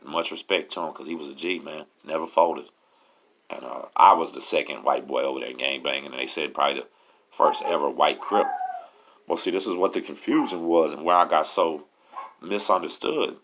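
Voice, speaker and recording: Man, low gravelly voice, streetwise profane storytelling, dull lo-fi audio. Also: normal speed, background noise. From Galveston, Texas. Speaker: host telling prison stories. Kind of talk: casual storytelling.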